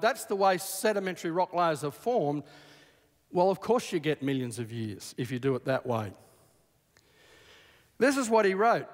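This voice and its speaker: A man giving a lecture, quoting old sources at length and breaking in with emphatic asides. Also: high-pitched. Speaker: creationist lecturer. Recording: long hall reverb.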